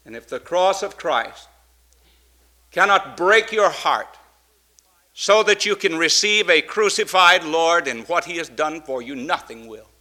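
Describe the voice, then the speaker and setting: A male preacher with a high, bright and forceful voice delivers a sermon at a slow, deliberate pace. He repeats phrases for weight and shifts from ringing emphasis to near-hushed intensity. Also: expressive. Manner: dramatic swings from loud emphasis to hushed intensity.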